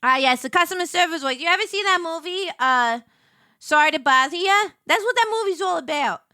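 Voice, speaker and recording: High, bright-voiced woman streamer. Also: brisk, dry recording, studio quality. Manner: animated storytelling with laughs. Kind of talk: casual chat while gaming.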